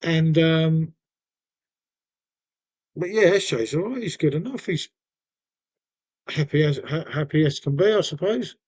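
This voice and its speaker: A man's voice: fairly high pitch, measured pace, long pauses, darkish tone, husky. Chatty man rambling on stream. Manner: rambling, chatty, says mate often. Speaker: live streamer. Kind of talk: casual live stream chat.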